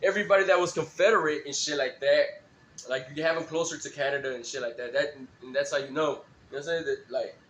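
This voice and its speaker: A man's voice: fairly high pitch, quick pace, fairly bright tone, reverberant, a little hiss or hum. A man rambling through a profane, laugh-filled story on a live stream.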